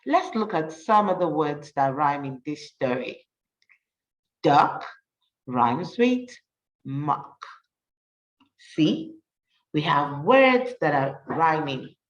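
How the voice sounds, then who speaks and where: Slow, sing-song woman reading to children. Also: sits low, lively intonation, distant mic, muffled recording. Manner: slow, sing-song and encouraging, praises often. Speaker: storyteller and teacher. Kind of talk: reading a picture book aloud to children.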